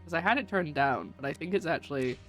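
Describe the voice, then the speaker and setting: A woman's voice: deep voice, lively intonation, fast, fairly bright tone, faint music behind. A woman chatting casually and giggling as she plays a game on stream. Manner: chatty, giggly, self-mocking. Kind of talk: casual gameplay chat.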